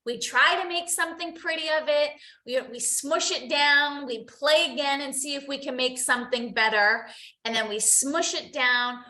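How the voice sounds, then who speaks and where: Casting: bright, high-pitched woman, an earnest motivational host who repeats herself. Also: reverberant. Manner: earnest, repeats phrases, asks "right?" often. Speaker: host, coach. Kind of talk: motivational talk to viewers.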